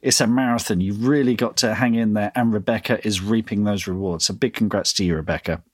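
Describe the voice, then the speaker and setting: A man's voice: fairly low pitch, fairly even intonation, fairly quick. A male podcast co-host reading out news and blurbs in an encouraging tone.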